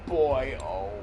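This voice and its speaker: A young man streaming a game, chatting casually and rambling with plenty of swearing and restarts. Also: mid-range voice. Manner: rambling, profane, thinks aloud with restarts. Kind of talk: casual live-stream chat while gaming. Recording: clear background noise.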